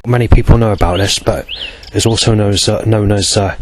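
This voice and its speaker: A man with a very low, deep voice, talking in a meandering monologue. He hesitates often and drifts between points, with a faint hiss of background noise. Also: fairly even intonation, a little fast. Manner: hesitant, digressive, many fillers and restarts. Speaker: vlogger. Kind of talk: rambling monologue.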